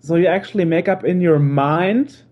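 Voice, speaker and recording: A male interviewer with a fairly high voice. He talks in a relaxed, casual way and leans on fillers. The recording sounds a little muffled. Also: normal speed.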